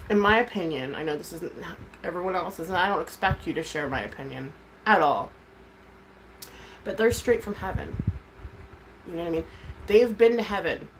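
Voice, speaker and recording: A woman's voice: medium pitch, slight background noise, poor audio. A woman chatting casually on a livestream as its host, rambling candidly about her kids and swearing freely.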